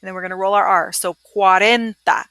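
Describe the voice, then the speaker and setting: A young adult woman recording a screencast pronunciation lesson as a Spanish teacher. She talks briskly and upbeat and keeps checking in with "okay?". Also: mid-range voice, steady tone, fairly bright tone, no room sound. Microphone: computer mic, screencast.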